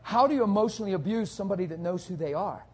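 A male pastor preaching a sermon, dropping soft and low at times and building to loud, rapid rhetorical questions. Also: expressive, husky. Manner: swings from soft and low to loud, high-pitched exhortation.

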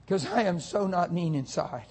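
A male pastor preaching a sermon, dropping soft and low at times and building to loud, rapid rhetorical questions. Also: lively intonation, husky. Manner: swings from soft and low to loud, high-pitched exhortation.

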